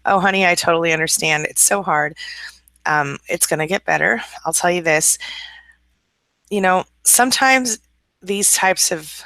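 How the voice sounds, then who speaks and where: Speaking in a lowish, bright, forceful voice at an ordinary pace, a mother of school-age children runs a laid-back live stream. She welcomes viewers by name, reads out their comments, and admits to feeling a bit tired this morning. There's no echo.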